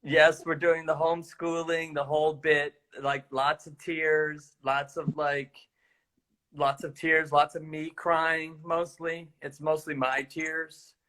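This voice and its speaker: A man's voice: fairly high pitch, slow. A middle-aged man hosting a livestream from home, chatting casually and laughing a lot as he jokes. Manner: animated, laughing, joking. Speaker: livestream host. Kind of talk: casual chat. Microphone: phone on a video livestream.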